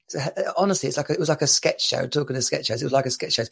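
A man's voice: fairly high pitch, quick pace, creaky, hardly any pauses, breathy edge. A man co-hosting a podcast, telling an anecdote in casual chat, laughing often and repeating himself. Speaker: podcast co-host.

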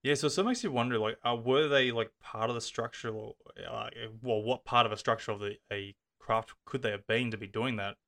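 A man's voice: medium pitch, fairly quick, few pauses, a bit bright. Musing man thinking aloud. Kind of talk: casual interview.

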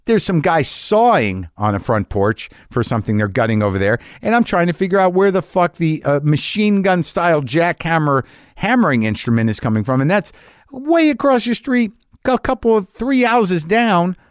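A man's voice: a little high, sing-song, moderate pace, no room sound. A man hosting a podcast from a garage studio, telling a rambling, self-deprecating story with plenty of swearing. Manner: profane, self-deprecating, restless. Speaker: podcast host. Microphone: studio mic with headphones. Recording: dry, close studio sound.

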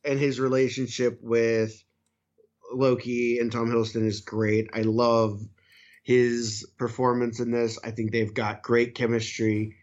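A man's voice: medium pitch, little pitch movement, measured pace, a little mellow. Enthusiastic man rambling on a lo-fi mic. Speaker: podcast co-host. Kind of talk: casual review chat.

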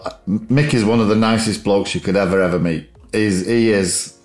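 A man's voice: fairly low pitch, fairly even intonation, normal speed, a little mellow. A man hosting a podcast in casual chat, speaking with enthusiastic praise. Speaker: podcast host. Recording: roomy echo with faint music.

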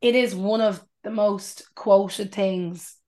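A woman's voice: mid-range voice, fairly even intonation, slow pace, darkish tone. A woman hosting a podcast, chatting candidly and playfully, swearing casually. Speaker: podcast host. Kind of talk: casual chat.

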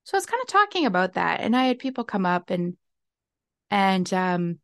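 A woman's voice: mid-range voice, sing-song, moderate pace, fairly bright tone, no echo, clean studio sound. A young woman hosting a solo podcast, talking candidly and reflectively, often laughing at herself. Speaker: podcast host. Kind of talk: casual solo podcast talk.

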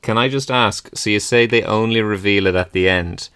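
Deadpan man with a bright, low voice. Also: normal speed, clean tone. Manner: dry, deadpan, hesitant. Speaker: podcast co-host. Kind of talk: casual comedic chat.

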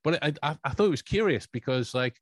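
A man hosting a podcast in casual chat, talking in halting bursts with many restarts and chuckles. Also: on the high side, animated, dry recording. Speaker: podcast host.

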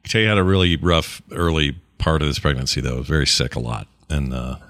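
A man's voice: extremely low pitch, fairly quick, a bit bright, dry recording, studio quality. A man from Utah co-hosting a podcast, chatting in a rambling, joking, self-deprecating way. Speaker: podcast co-host. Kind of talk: casual chat.

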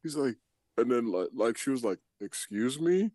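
A man's voice: mid-range voice, a little fast, darkish tone, no echo. A man co-hosting a podcast in casual crude banter, rambling with lots of fillers and laughing as he retells stories. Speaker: podcast co-host.

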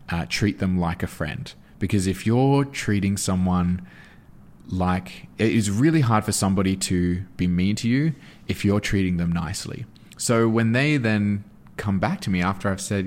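A young man being interviewed as a guest, talking animatedly about his anti-bullying school show, often restarting his sentences. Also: low-pitched. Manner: animated storytelling with frequent restarts. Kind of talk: interview answer.

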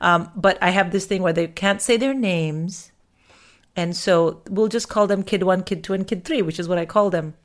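Woman in her forties from India, podcast guest; low-set, lively, salty casual chat. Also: normal speed. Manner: animated, swears freely, acts out quotes.

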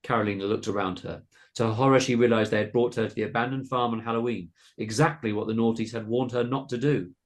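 A man's voice: medium pitch, steady tone, quick pace. A man co-hosting a comedy podcast, reading a horror short story aloud with polished, dramatic narration. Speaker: podcast co-host and story reader.

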